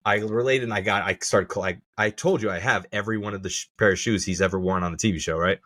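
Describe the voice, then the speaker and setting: Laughing podcast host, dry close sound. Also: male voice, lowish voice, fast talker, no room sound. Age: adult parent. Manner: laughs often, animated retelling of jokes. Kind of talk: casual chat. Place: home room. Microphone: camera and mic at home.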